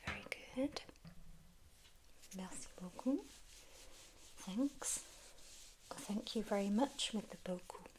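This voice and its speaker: A woman with an English accent, teaching in a whispered role-play as a gentle language tutor who prompts the listener to repeat. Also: mid-range voice.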